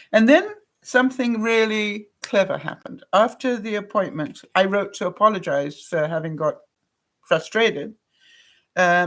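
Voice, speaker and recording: A woman's voice: lowish voice, fairly bright tone. An older woman from Canada, a vlogger telling a personal story in a chatty way, laughing often and acting out the lines of the people she quotes. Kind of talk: casual storytelling to camera.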